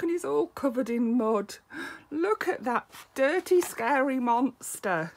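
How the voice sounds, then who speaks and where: A woman reading a picture book aloud to a child, speaking gently and coaxingly, with soft whispered asides. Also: high voice, lively intonation, slow, a little hiss or hum.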